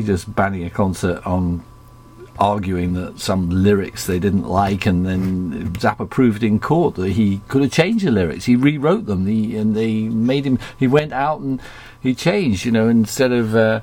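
An Englishman whose posh received pronunciation has been deliberately softened toward ordinary speech. He talks in a reflective, rambling way, restarting sentences as his thoughts shift. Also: on the low side, husky. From England. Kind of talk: casual conversation.

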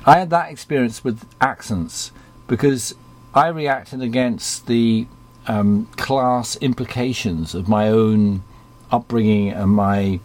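An Englishman with a mid-range voice speaks in a posh received pronunciation that he has deliberately softened toward ordinary speech. In casual conversation he comes across as reflective and rambling, restarting sentences as his thoughts shift.

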